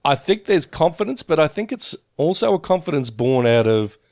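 A man's voice: on the high side, big pitch swings, moderate pace, darkish tone, dry recording, clean studio sound. A man co-hosting a podcast, chatting casually about a sitcom in a rambling, laugh-prone way. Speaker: podcast co-host. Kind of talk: casual chat reviewing a sitcom.

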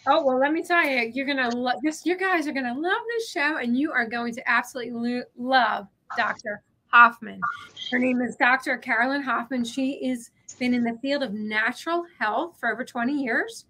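A woman co-hosting a podcast, introducing a guest in an excited, gushing way. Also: sits high, normal speed, rough recording. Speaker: podcast co-host.

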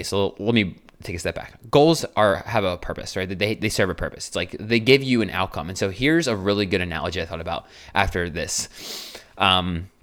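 A man's voice: lowish voice, a bit bright. A man from New Jersey, a coach hosting a podcast, talking in a casual monologue that is emphatic and repetitive, with frequent swearing and rhetorical questions. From New Jersey, USA.

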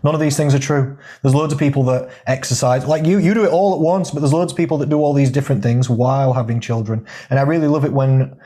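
A man's voice: mid-range voice, fairly even intonation, fast, few pauses, dark tone. A man, a fitness coach hosting a casual podcast chat, candid and laughing often as he swears freely.

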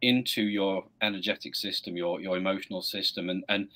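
A man speaking reflectively in conversation, hesitant with frequent pauses and ums. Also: low-pitched, fairly even intonation, sharp tone. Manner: thoughtful, hesitant, lots of ums.

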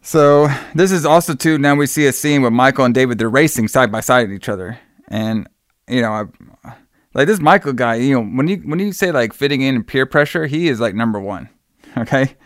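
A man's voice: mid-range voice, brisk, no echo, studio quality. A man casually retelling a movie scene by scene, rambling and swearing, full of fillers. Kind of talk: casual movie recap chat.

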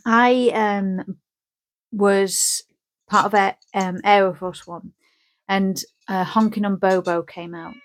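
Woman co-host, chatty and rambling, average pitch. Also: fairly even intonation, takes it slowly. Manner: rambling, jokey, acts out scenes. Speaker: podcast co-host. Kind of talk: casual chat.

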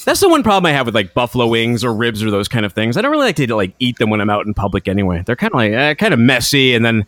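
A man co-hosting a casual chat, animated and full of "like" and "uh". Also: medium pitch, very fast, no room sound. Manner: animated, lots of "like" and "uh". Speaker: podcast co-host.

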